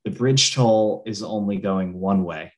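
A young man from New Jersey with a fairly low voice talks easily on a casual podcast. He rambles through his stories and lets his sentences trail off. The tone stays loose and friendly throughout. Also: unhurried. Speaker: podcast co-host. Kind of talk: casual chat.

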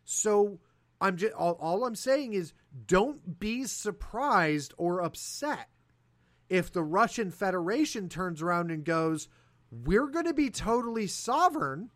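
A man hosting a political talk show, talking in an animated, sarcastic way with fillers and restarts. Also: high-pitched, takes it slowly. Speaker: podcast host.

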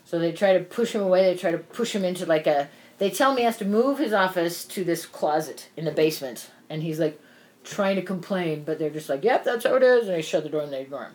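Talking fast in a fairly low, slightly mellow voice, a woman spins a long, rambling work story in casual conversation. She swears freely and says "like" constantly.

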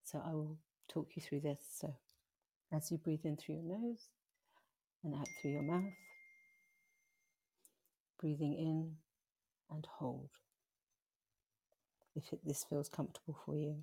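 A woman guiding a slow, soothing meditation, later speaking as a guest in an interview. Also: sits low, steady tone, creaky, warm tone, breathy edge. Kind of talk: guided meditation then interview.

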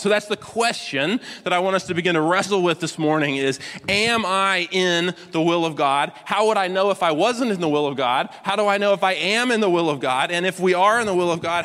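A man in his forties with a slightly high voice preaches in a lively, self-mocking storytelling way, tossing questions out to his listeners. His voice carries a long reverb from a large hall. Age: 40s. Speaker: pastor. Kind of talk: sermon with personal story.

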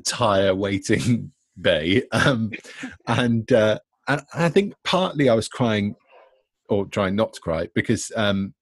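Husky deep-voiced man from Britain. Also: expressive, takes it slowly, dry recording. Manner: earnest, laughs nervously, rambling. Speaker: discussion host. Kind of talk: casual discussion.

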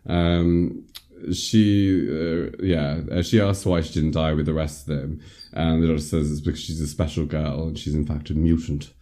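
A man's voice: rumbling low, little pitch movement, moderate pace, mellow. A man casually recapping a film's plot on a podcast, rambling with lots of ums and likes. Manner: rambling, many ums and likes, laughs at himself. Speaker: podcast host reviewing a film. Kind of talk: casual film recap chat.

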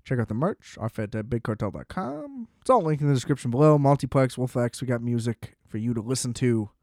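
A man's voice: mid-range voice, expressive, quick pace, a little mellow, no echo, clean studio sound. A young man hosting a solo podcast, ranting in a casual, profane, exasperated way and leaning on filler words. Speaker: podcast host.

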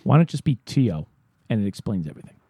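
A man co-hosting a tabletop game podcast, talking in casual banter, animated and mock-exasperated, swearing freely. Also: on the low side, fast, husky, no room sound. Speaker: podcast co-host and game master.

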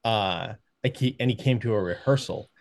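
A man co-hosting a movie podcast, talking casually and haltingly, with many fillers and soft laughs. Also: lowish voice, dry recording. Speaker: podcast co-host. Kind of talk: casual chat about movies.

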